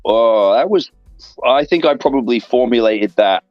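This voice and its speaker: A wrestler in his thirties with an English accent, a guest on an online interview stream, spins filler-packed backstage anecdotes with animated voiced asides. His medium-pitched voice moves at a moderate pace; there's no echo, but the sound is muffled with faint music behind.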